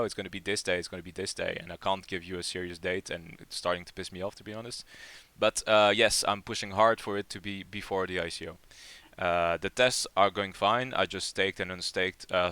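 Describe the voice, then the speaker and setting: Man, low voice, bright and clear tone, rambling casual Q&A host, many fillers. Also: no room sound. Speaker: project lead hosting a community AMA. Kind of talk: casual live Q&A chat.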